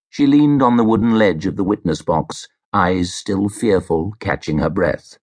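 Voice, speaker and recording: A male audiobook narrator reading a crime novel in a measured, expressive storytelling manner. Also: deep voice, husky. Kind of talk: scripted narration.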